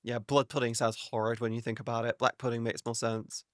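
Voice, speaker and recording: A man's voice: medium pitch, little pitch movement, a little fast, no room sound, studio quality. A man chatting casually on a live stream, rambling and swearing freely as he talks to his viewers.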